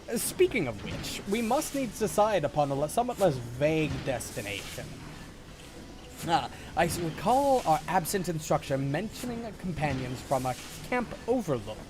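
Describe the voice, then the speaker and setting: A man voicing a posh, formal young male noble inventor who speaks in stilted, old-fashioned courtly phrases. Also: on the high side.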